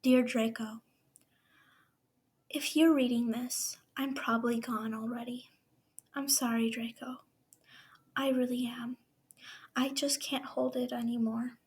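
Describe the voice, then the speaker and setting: A woman reading aloud a farewell letter from a heartbroken young man, softly and half whispered. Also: on the high side, steady tone, takes it slowly, long pauses, husky. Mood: sorrowful.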